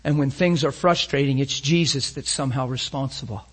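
Husky-voiced intense male preacher. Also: mid-range voice, fairly quick. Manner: intense, swings between loud emphatic lines and hushed near-whispers; rhetorical questions to the congregation. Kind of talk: sermon.

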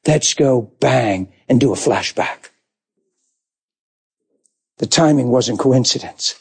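A man's voice: medium pitch, takes it slowly, vocal fry, breathy edge. A man preaching a sermon, telling his own story with passion and acting out his prayers.

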